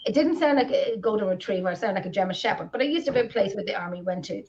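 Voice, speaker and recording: This Irish co-host of a live video podcast speaks in a mid-range voice, animated and rapid-fire, slightly mellow. Her casual chat wanders with lots of restarts, and the video-call sound has its highs cut off.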